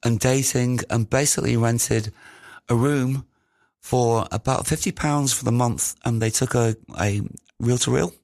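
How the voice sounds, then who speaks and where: A man, a musician, recounting studio stories in a rambling, casual way with many pauses. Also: medium pitch, fairly even intonation, gravelly, a little mellow, no echo. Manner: rambling, many ums and restarts. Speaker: musician guest. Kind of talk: casual anecdotal storytelling.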